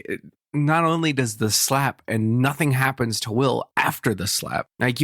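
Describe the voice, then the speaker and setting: A man's voice: medium pitch, a bit bright, no echo, studio quality. A young man, a podcast co-host, telling stories in a casual, chatty, rambling way with lots of "like". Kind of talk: casual storytelling.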